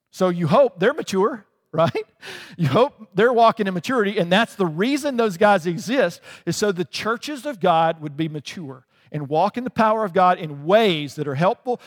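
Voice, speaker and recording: High-voiced man preaching in a reverberant hall. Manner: conversational preaching with frequent "right?" asides. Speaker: pastor. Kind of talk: sermon.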